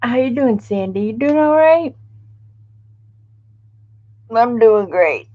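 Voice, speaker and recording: A woman's voice: fairly high pitch, animated, slow, pauses often, mellow. A middle-aged woman hosting a craft livestream, chatting casually with viewers, greeting them by name and laughing often. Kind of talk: casual live-stream chat. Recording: dull lo-fi stream audio.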